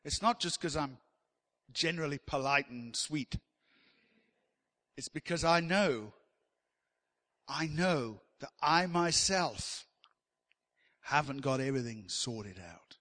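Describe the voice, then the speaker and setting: A man's voice: fairly high pitch, animated, takes it slowly, pauses often, pushed and bright, in a large hall. A man preaching a sermon in a chatty, joking way, teasing the congregation.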